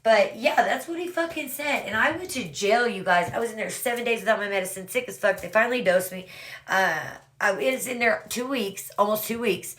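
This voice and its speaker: A woman's voice: on the high side, brisk, fairly bright tone. A woman casually telling her own story to viewers, rambling and swearing freely, often calling out "you guys".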